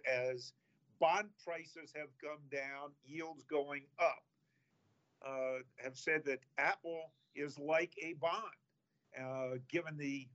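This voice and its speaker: A man who manages investments, giving halting, measured explanations in a casual finance chat. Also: on the high side, a bit bright, muffled recording.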